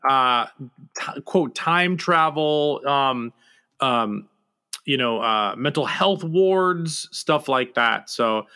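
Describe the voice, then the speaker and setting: A man at an ordinary middle pitch chats casually as a podcast host. He meanders through his points, often pausing on fillers and starting sentences over. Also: lively intonation, sharp tone, smooth. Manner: rambling, with many fillers and restarts. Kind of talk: casual movie chat.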